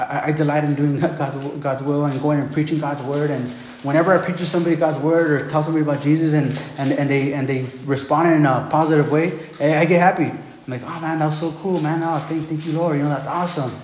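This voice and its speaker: Male pastor, casual sermon, slightly higher voice, faint background hiss. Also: a little mellow. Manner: casual, repetitive, says "man" a lot. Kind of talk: sermon teaching from Bible. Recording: roomy room, faint background noise.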